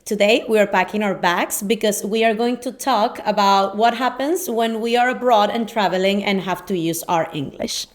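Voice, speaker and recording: A woman's voice: medium pitch, normal speed, hardly any pauses. Chatty young woman host, Spanish native, easygoing filler-heavy banter. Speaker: podcast host. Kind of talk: casual chat.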